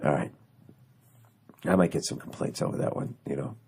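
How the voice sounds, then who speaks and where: A man's voice: rumbling low, moderate pace, vocal fry, darkish tone, husky. A man hosting a podcast alone, ranting sarcastically and profanely, with occasional mocking impressions. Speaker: podcast host. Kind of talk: solo ranting monologue. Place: on vacation away from home.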